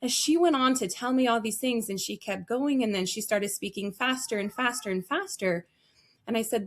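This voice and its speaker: A woman who trains customer service staff, answering interview questions in an energetic, emphatic coaching tone. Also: mid-range voice, normal speed.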